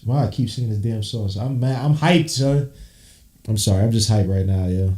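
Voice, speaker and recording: A man calling a basketball game live, switching between low muttered play-by-play and hyped, slangy shouting. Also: normal speed, far from the mic. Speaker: podcast host doing live game commentary. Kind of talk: excited watch-along play-by-play. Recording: roomy echo.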